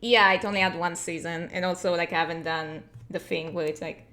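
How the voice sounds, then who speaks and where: A woman's voice: lowish voice, steady tone, fairly quick, sharp tone. A young woman hosting a casual livestream, chatting about her animation work in a chatty, self-deprecating way. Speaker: streamer and animator.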